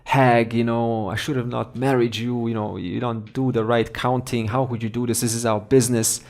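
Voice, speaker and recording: A man's voice: medium pitch, fairly even intonation, moderate pace, vocal fry, a little mellow, lightly acted. A man voicing an angry shopkeeper husband who scolds his wife in a spoken story. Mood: scolding. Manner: rude, scolding.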